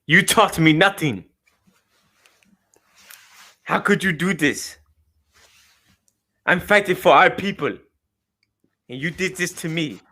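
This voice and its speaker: A man voicing a grieving young king in a put-on African accent, speaking low and earnest as he accuses his dead father. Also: slow, pauses often, sharp tone, exaggerated voice. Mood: anguished. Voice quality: intense, accusing.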